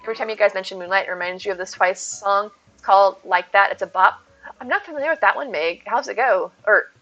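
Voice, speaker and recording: A woman's voice: mid-range voice, fast, a bit bright. A young woman casually chatting on a live stream, reading out and answering chat and thanking viewers with giggly asides. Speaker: streamer hosting a game stream. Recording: dull lo-fi stream audio. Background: faint game music.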